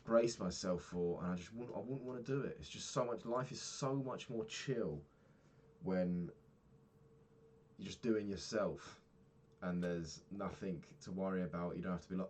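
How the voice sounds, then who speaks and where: A man's voice: sits low, moderate pace, darkish tone. A young man in his twenties talking frankly in a rambling daily vlog, swearing casually and filling gaps with ums. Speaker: vlogger.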